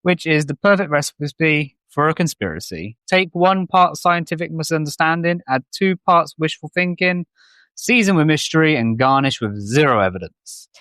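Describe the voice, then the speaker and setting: A man co-hosting a podcast who trades deadpan, sarcastic quips in comedic banter. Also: a little high, moderate pace, smooth, no echo. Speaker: podcast co-host.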